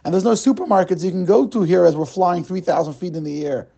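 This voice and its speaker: A husky man as an earnest young rabbinical student. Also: high voice, fast talker, mellow, pitched above the performer's own voice. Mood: bargaining. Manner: earnest, stammering a little.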